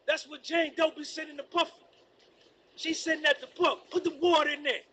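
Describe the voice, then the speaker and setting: A man rambles live to his viewers, repeating lines and singing bits. His voice sits very high and sharp. A faint hiss runs under it. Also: brisk, dull audio. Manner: animated, repetitive, sings snatches. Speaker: streamer. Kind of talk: rambling casual commentary.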